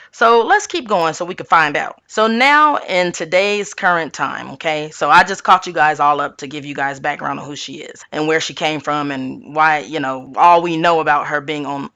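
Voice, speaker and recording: A woman's voice: low-pitched, pushed and bright. A woman hosting her own channel, recapping reality-TV gossip in a sassy, chatty, informal way and tossing in "okay" again and again. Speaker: tarot channel host. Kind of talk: casual gossip recap monologue.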